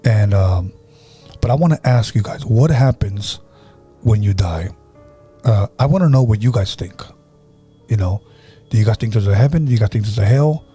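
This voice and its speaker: A man hosting a paranormal podcast, telling stories and taking calls in a casual, unhurried way. His voice is mellow and a little husky. Faint music plays behind him. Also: lowish voice. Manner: relaxed storyteller, acts out quoted voices; takes calls from listeners. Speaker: podcast host.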